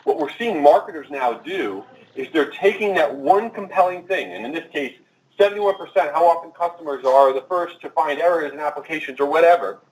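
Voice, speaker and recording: Fast-talking male conference presenter, echoey. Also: fairly high pitch. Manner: fast-talking, energetic, addresses the audience directly. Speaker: conference speaker. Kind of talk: marketing presentation. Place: conference room. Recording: echoey and distant from the mic.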